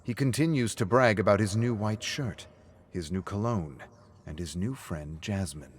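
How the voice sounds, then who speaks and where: Low-voiced man narrating a story. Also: a little hiss or hum. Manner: measured storytelling.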